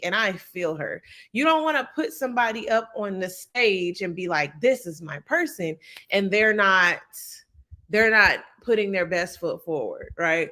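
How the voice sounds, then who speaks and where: With a measured pace and mid-range voice, a young woman runs a casual live recap of a reality show. She stays chatty and animated, acting out people's lines as she goes.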